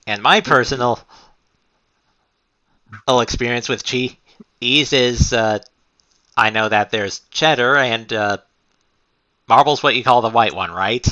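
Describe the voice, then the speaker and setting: A man chatting at a game table, halting and self-mocking. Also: medium pitch, pushed and bright. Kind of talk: casual chat. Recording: slightly dull mic.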